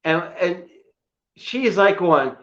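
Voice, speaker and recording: Excitable high-voiced man, lively and slow. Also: muffled recording. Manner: excitable storyteller, emotional and choked up at times. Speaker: co-host showing his collection. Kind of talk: casual chat.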